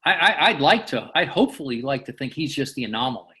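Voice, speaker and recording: A man's voice: mid-range voice, sing-song, fast talker, sharp tone. A man speaking as an interview guest, a former FBI agent who answers thoughtfully and often repeats words as he thinks. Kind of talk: casual interview chat.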